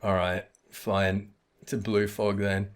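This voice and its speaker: A man's voice: fairly low pitch, little pitch movement, slow. A young man chatting casually as he streams a game, tired, swearing freely and laughing at what he sees. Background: game music.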